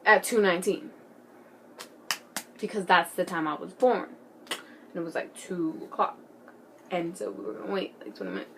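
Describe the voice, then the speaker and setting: A teenage girl telling a story in a casual vlog, excitable and giggly, full of "like" and "bro", sometimes dropping to a hushed whisper. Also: fairly low pitch, normal speed, gravelly, pauses often, background noise. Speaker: vlogger.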